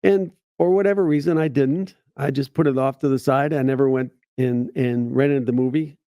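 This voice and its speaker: Gravelly, dark-voiced storytelling man. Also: mid-range voice, fairly even intonation, dry recording, studio quality. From United States. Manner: halting, many restarts and repeated words; acts out quoted voices in his stories. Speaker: veterans advocate. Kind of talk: personal storytelling.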